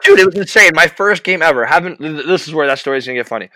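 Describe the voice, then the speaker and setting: A young man telling an animated, profane story about his hockey days in casual chat. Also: fairly high pitch, very fast, dry recording. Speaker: podcast host, former hockey goalie.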